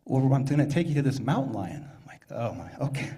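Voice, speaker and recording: A man's voice: medium pitch, big pitch swings, fairly quick, mellow. A man tells a story in a loose, self-mocking way, chuckling at his own mishaps. His voice sits in the middle range. It rings out through a big echoey hall with a long reverb tail. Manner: laughing, self-deprecating storyteller. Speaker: panelist. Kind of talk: storytelling at a panel.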